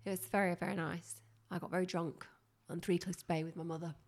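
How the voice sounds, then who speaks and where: A woman's voice: lowish voice, little pitch movement, brisk, darkish tone. A woman co-hosting a podcast in casual chat, dry and teasing, poking fun at herself. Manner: dry, teasing, self-mocking. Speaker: podcast co-host.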